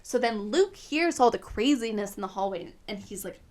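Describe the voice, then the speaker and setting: A woman's voice: mid-range voice, animated, moderate pace, a little mellow. A woman hosting a podcast, recapping TV in casual, opinionated chat full of fillers. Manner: chatty, filler-heavy, opinionated. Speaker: podcast host.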